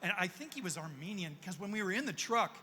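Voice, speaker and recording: Bright, high-voiced man in a reverberant hall. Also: fast. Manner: lively, self-amused storyteller. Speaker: panelist. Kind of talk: storytelling on a panel.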